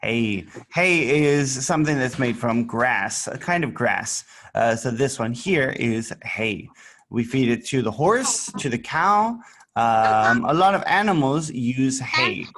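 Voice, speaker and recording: A man leads an English lesson for a young learner, speaking slowly and patiently so every word can be repeated back. His pitch bounces around a lot, and he plays up the pictures with silly sound effects. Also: lively intonation, a bit bright, slight background noise. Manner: playful, adds sound effects while showing pictures. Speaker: English teacher. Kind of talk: online English lesson for a child.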